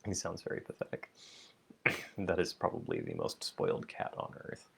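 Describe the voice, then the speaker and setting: A man talking slowly and thoughtfully in a personal video diary, musing aloud with many fillers and restarts. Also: deep voice, very animated, gravelly, husky. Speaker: vlogger. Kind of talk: reflective spoken diary.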